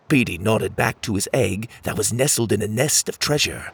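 A man's voice: fairly low pitch, moderate pace, few pauses, slightly rough, dry recording. A man narrating a children's storybook and voicing its characters. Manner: animated, does voices for each character.

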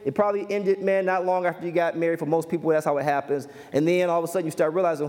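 A man preaching a sermon who repeats key phrases slowly and asks the audience questions. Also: fairly high pitch, fairly even intonation, darkish tone, big-room sound. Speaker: minister.

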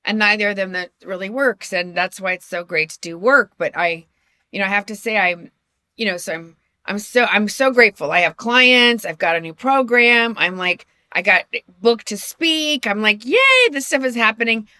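Bright, chatty woman telling stories. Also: mid-range voice, normal speed, clean tone, dry recording, clean studio sound. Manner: chatty and self-deprecating, many restarts and "you know"s. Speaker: podcast co-host. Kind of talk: casual storytelling chat.

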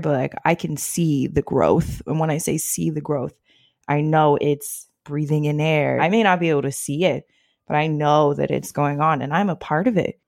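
A woman being interviewed, telling personal stories in a lively way, acting out quoted speech and laughing often. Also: deep voice. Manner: animated storyteller who acts out quotes, laughs often. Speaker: interview guest. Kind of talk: casual conversation.

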